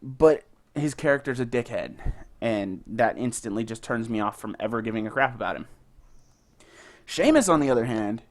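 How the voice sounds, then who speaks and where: A young man co-hosting a podcast, telling stories in a casual, excited and profane way. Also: medium pitch. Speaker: podcast co-host. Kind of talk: casual chat.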